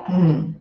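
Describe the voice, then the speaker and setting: A woman giving a Buddhist dharma talk as a meditation teacher, speaking slowly and reflectively with pauses, fillers and some throat-clearing. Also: on the low side, slight background noise. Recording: roomy, distant, dull lo-fi recording.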